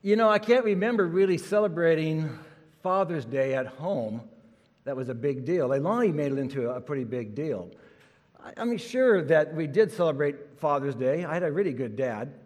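A man's voice: a little high, expressive, moderate pace, darkish tone. An older man, a pastor, giving a chatty, folksy sermon full of stories and fillers. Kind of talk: sermon with jokes. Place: church sanctuary. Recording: long church reverb.

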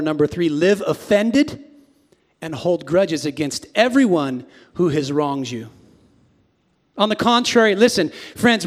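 A man in his forties preaching a sermon as a pastor, swinging between hushed asides and sudden shouts. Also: sits high. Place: large church sanctuary. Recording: long reverb of a big hall.

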